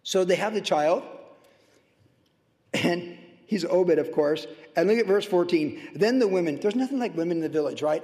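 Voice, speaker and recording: An expressive pastor speaks at a moderate pace from a church sanctuary pulpit, his high voice shifting between fervent bursts and hushed, tender asides. Long, ringing reverb trails his sermon.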